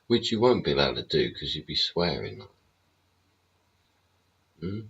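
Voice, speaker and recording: Gravel-deep British man ranting on stream. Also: sing-song, measured pace, a bit bright, slight background noise. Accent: British English. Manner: blunt, profane, rhetorical tags. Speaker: livestream host. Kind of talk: swearing political rant. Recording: dull lo-fi stream audio.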